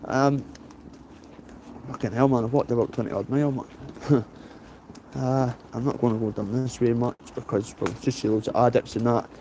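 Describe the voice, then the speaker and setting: A man in his late thirties with a Dundee accent rambles bluntly into a handheld phone while he walks outdoors in the rain. His voice sits mellow and dark, and he swears freely and tacks "mate" onto nearly every line. Faint noise runs underneath. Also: medium pitch, fairly even intonation, moderate pace. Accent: Dundee Scottish. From Scotland. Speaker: vlogger. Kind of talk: casual walking vlog.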